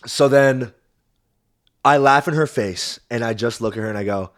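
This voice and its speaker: A young man hosting a podcast, telling a story casually and with lots of energy. His pitch sits in the middle range for a man. He rambles, swears often and fills the story with "like" and "um". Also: moderate pace. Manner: animated, profane, rambling with frequent fillers. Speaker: podcast host.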